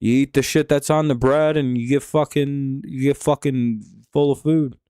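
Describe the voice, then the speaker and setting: A man's voice: medium pitch, steady tone, moderate pace, warm tone, clear, resonant tone, no echo, clean studio sound, voice pushed up, natural voice. A man voicing a crude, brash New York guy in a put-on New York accent, swearing bluntly.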